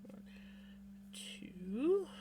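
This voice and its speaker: Her voice sits fairly high and is very animated, with words drawn out, and there's background noise. She streams from a home room with a fan, crocheting and chatting casually into a desk mic, yawning occasionally and greeting viewers by name.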